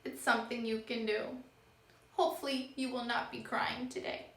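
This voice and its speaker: A woman teaching young children, acting out each word she explains in a slow, animated way. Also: a little high. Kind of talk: children's lesson. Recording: echoey room.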